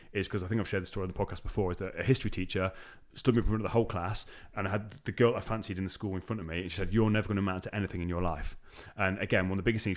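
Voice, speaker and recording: English guy podcasting, talks super fast, lowish voice, lots of restarts. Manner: rapid, emphatic storytelling with frequent fillers and restarts. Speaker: podcast host. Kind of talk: candid personal conversation.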